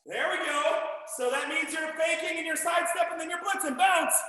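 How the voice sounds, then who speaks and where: Shouting martial arts instructor in an echoey hall. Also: male voice, extremely high pitch, brisk. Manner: energetic, shouting counted drill commands. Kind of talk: live online class instruction. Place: martial arts studio, indoors. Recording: echoey room with long reverb.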